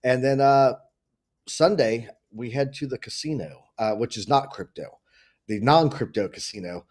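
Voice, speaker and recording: A man's voice: medium pitch, moderate pace, a little mellow. A man hosting a live market and crypto stream, talking casually with hyped-up greetings. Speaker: show host.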